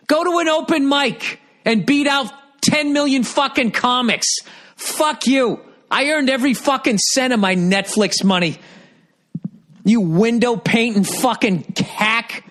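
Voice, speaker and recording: A man's voice: extremely high pitch, a little slow. A middle-aged man ranting profanely and sarcastically as a podcast host, reading out listener comments and firing back. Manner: reads listener comments aloud and answers them. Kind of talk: ranting monologue.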